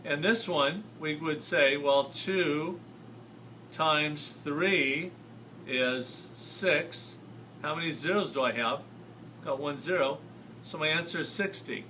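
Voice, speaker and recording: A man's voice: a little high, takes it slowly, bright, forceful tone, far from the mic, slight background noise. A man teaching a math lesson, explaining patiently and often checking whether his students follow. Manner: patient, checks understanding with tag questions.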